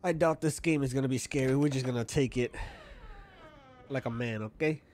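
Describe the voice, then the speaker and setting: A man's voice: mid-range voice, a little fast, darkish tone, slight background noise. A man with a mid-range voice talks casually over a video game. He is chatty and often trips over words while reading text aloud. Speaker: gaming YouTuber. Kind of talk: casual let's-play commentary. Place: small apartment at night.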